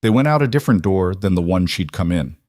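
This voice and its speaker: Low-voiced calm male narrator. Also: quick pace, dry recording, studio quality. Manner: calm, even storytelling. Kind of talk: scripted narration.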